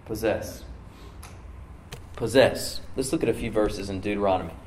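A man preaching a sermon as pastor, stressing words by slowing down and rising in emphasis. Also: on the low side, mellow, distant mic, a little hiss or hum. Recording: echoey room, from off mic.

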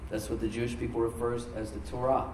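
A man preaching a sermon as pastor, stressing words by slowing down and rising in emphasis. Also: medium pitch, little pitch movement, a little mellow, distant mic, a little hiss or hum. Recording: echoey room, from off mic.

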